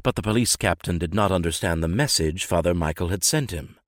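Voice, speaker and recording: A man with a very deep voice reads a grim true account in a steady, grave, measured way. The recording is dry and close, with no room echo. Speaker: author and narrator. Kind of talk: scripted narration.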